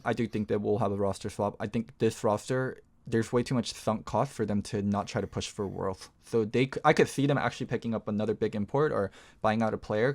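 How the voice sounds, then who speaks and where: A man's voice: lowish voice, a little mellow. A man hosting a casual podcast, talking loosely with lots of fillers. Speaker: podcast host.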